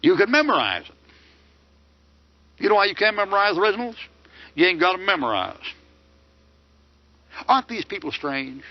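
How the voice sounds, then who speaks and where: An older man preaching a combative sermon lecture, firing rhetorical questions and answering them himself with mockery. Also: high voice. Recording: dull lo-fi dry recording.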